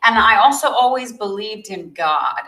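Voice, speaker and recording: Bright, upbeat woman from South Africa. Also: medium pitch, expressive, moderate pace, reverberant, low-quality recording. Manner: upbeat, laughs often, restarts phrases. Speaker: guest, magazine founder. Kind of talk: casual interview chat.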